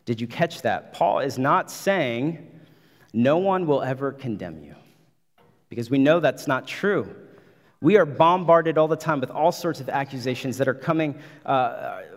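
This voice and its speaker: A man's voice: medium pitch, animated, unhurried, long reverb tail. A man preaching a sermon as pastor, emphatic, repeating phrases and building intensity.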